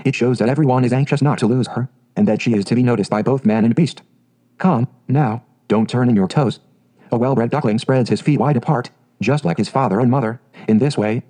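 A man's voice: mid-range voice, brisk, warm tone, close to an everyday voice. A man doing a fussy proud mother duck. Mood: instructive. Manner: fretful, prim, motherly.

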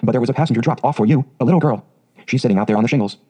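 A brisk, careless country station master brushes things off in an offhand way, as a man reads him in a storybook. He talks very fast, in a dark, mellow tone. The voice has a husky grain. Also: medium pitch, close to an everyday voice.

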